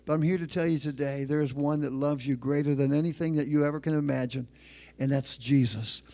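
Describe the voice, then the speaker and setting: A man's voice: on the high side, fairly even intonation, dark tone. Emphatic middle-aged male pastor preaching. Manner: emphatic preaching with repeated phrases and slowed, stressed lines. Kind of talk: sermon. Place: church.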